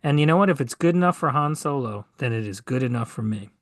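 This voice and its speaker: A man's voice: mid-range voice, expressive, fast talker, no echo. A man co-hosting a casual podcast, trading dry wisecracks. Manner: dry wisecracks, reads ad-like copy aloud. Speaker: podcast co-host.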